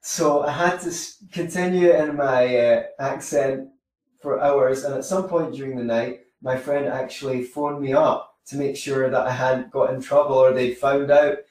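A man teaches social skills in a loose, rambling way, full of anecdotes and self-corrections. His voice is mid-pitched and comes from a distance, in a strongly echoing room. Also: steady tone, moderate pace, a little mellow. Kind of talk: informal teaching monologue. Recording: very echoey room, mic far off.

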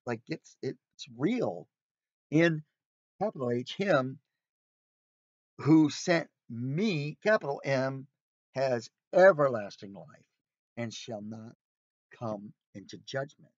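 A man's voice: medium pitch, lively intonation, slow pace, long pauses, dry recording. Emphatic man teaching scripture informally. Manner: conversational, rhetorical questions, emphatic. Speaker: Bible study teacher. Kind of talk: informal sermon. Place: recreational vehicle. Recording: dry, dull lo-fi sound.

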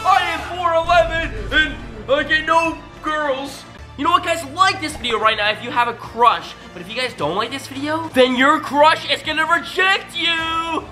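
A young male YouTube host doing hyper, jokey reaction commentary that swings between shouting and mock crying. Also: very high voice, moderate pace, soft background music.

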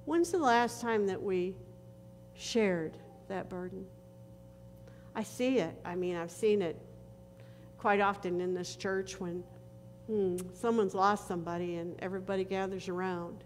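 A woman pastor preaching a sermon in a church, slow and earnest, with dramatic pauses. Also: mid-range voice, steady tone, a little mellow. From northern United States. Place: church sanctuary. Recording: reverberant church hall with faint noise.

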